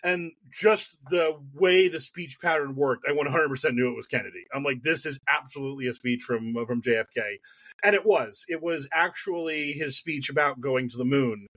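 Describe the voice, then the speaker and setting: A man co-hosting a podcast in casual chat, rambling and excitable, laughing often. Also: medium pitch, normal speed, no echo. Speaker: podcast co-host. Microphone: studio mic.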